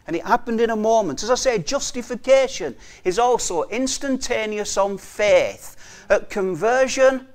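A man preaching a sermon earnestly, repeating key phrases for emphasis and often dropping to a soft, quiet delivery. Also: sits high, lively intonation, a little slow.

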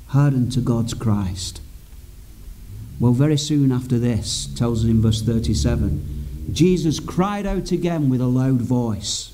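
A man's voice: on the high side, warm tone. A man preaching a sermon in an earnest, emphatic way, repeating key phrases for weight.

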